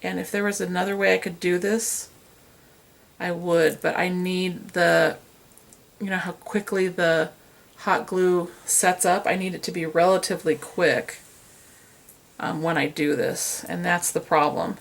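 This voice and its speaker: A woman's voice: on the low side, steady tone, measured pace, creaky. A woman talking casually through a craft demonstration as she works, chatty and self-deprecating, recorded by a camera on a tripod. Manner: chatty, self-deprecating, talks while working with her hands. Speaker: craft tutorial host.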